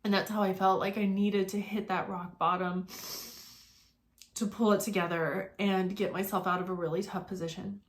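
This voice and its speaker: A woman's voice: mid-range voice, little pitch movement, moderate pace. A woman in her forties telling her own life story in an earnest, reflective way, with many fillers and restarts. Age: 40s. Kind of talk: personal storytelling to camera.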